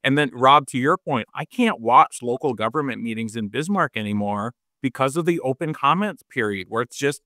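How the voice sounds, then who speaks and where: Man, panelist, wry, opinionated, mid-pitched, dry. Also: normal speed, hardly any pauses, pushed and bright, no echo. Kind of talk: casual discussion.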